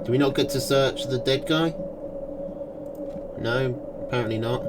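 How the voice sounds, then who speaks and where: A man's voice: medium pitch, normal speed, very noisy. A man streaming a game live, commenting and reading with wry, dry asides.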